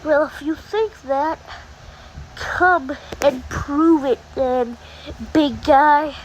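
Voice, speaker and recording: A woman voicing a menacing masked man who taunts his opponent, with a high voice and a slow pace. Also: steady tone, a little hiss or hum, rough recording. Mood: taunting.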